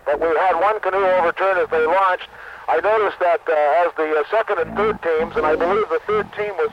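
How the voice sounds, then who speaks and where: Rambling field reporter, muffled link. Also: male voice, fairly high pitch, fairly quick. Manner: rambling, many fillers. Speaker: on-water radio reporter. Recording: muffled radio link with faint noise.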